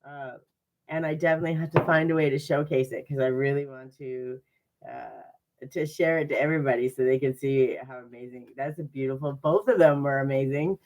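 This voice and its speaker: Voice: medium pitch, brisk, a little mellow, lo-fi sound. A spiritual card reader in a casual livestream reading. The speaker is chatty and upbeat and makes sarcastic, self-mocking asides.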